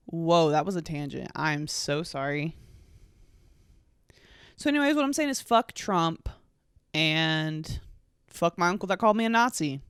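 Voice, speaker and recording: A woman's voice: low-pitched, lively intonation, measured pace, pauses often, clean tone, dry recording, studio quality. A young woman in her twenties from the United States, hosting a casual solo podcast in a rambling, sweary, sarcastic way full of fillers. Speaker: podcast host.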